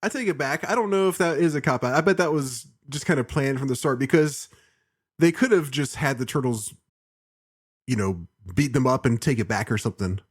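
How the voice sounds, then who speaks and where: A man with an ordinary mid-range voice joins a casual podcast discussion. He thinks out loud and revises his points as he goes. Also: medium pitch, a little fast, breathy edge, dry recording, clean studio sound. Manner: thinks aloud, backtracks on his own points. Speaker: podcast co-host.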